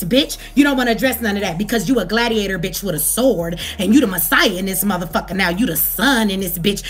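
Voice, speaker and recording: High-voiced woman with an African American English accent, fired-up profane vlog rant, faint music behind. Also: a bit bright. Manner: profane, heated, calls out her audience. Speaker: commentary vlogger. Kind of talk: ranting commentary.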